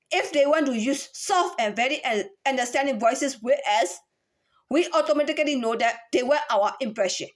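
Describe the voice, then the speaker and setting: A woman giving a lecturing monologue as a voice coach, repeating herself insistently and switching between voices to demonstrate them. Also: sits high. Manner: demonstrates different speaking voices in a repetitive, insistent way.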